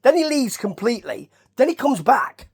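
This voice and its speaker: A man's voice: extremely high pitch, big pitch swings, normal speed, a little mellow, husky. Chatty Nottingham man rambling through reviews. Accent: Nottingham English. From Nottingham, England. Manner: rambling and chatty, with asides and questions to the listener. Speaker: wrestling reviewer. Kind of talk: casual rambling review commentary.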